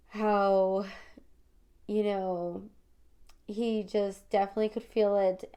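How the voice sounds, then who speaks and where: A woman's voice: mid-range voice, a little mellow. A woman with school-age children hosts a personal spiritual podcast, talking reflectively and confessionally, full of "you know" and "like", and calling her listeners "you guys". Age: adult mother of school-age children. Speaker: podcast host.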